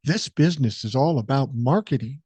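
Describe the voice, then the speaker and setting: A man's voice: mid-range voice, lively intonation, moderate pace, darkish tone, husky, no room sound. A man voicing a brash young male college hockey player who hustles, cocky, salesy and profane.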